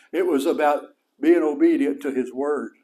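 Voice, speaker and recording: A middle-aged man with a West Texas accent preaching a sermon as pastor, folksy and animated, his voice rising high for emphasis. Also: measured pace.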